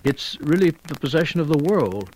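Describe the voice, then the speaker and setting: A man's voice: a little high, very animated, brisk, a little mellow, a little hiss or hum. An older man from Tennessee, a linguistics guest on a radio show, talking in a chatty way and telling anecdotes. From Tennessee, USA. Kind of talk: conversational talk.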